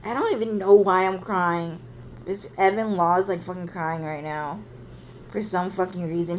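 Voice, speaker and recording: A woman's voice: lowish voice, a little hiss or hum. A young woman telling a rambling family story, swearing freely and filling with "like" and "dude". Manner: rambling and profane, heavy "like" and "dude". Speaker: vlogger. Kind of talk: casual storytelling monologue.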